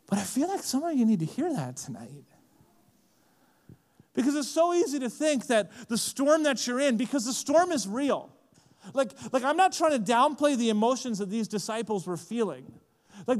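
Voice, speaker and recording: High-voiced, lively young-sounding preacher. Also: male voice, long reverb tail. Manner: lively, casual, frequent "like" fillers. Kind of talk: sermon. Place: large conference hall.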